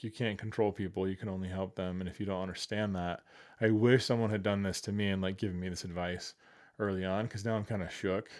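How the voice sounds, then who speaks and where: A man in his forties with a fairly low voice tells stories in a relaxed interview. He acts out quoted lines, jumping up in pitch and loudness, then drops back to an easy conversational tone. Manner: animated, acts out quoted voices with sudden jumps in pitch and volume. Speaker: guest. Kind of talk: casual interview storytelling.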